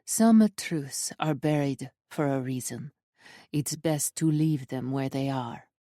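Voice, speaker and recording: A cold, commanding woman captor with a Russian accent, as read by an audiobook narrator. She gives clipped orders in a low voice, recorded dry and close. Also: slow pace, warm tone, no room sound.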